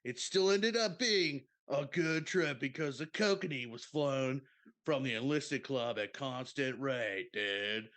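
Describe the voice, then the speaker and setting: A man's voice: mid-range voice, slow, fairly bright tone. A man voicing a laid-back surfer-dude serviceman, drawling and dropping "dude" and "bro" as he reads a listener's party story. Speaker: podcast co-host reading a listener submission.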